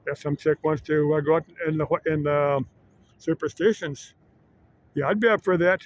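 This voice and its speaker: Rambling man, slightly high voice. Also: lo-fi sound, slight background noise. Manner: rambling, halting, many filler pauses. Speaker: vlogger. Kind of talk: casual rambling monologue. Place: Arizona.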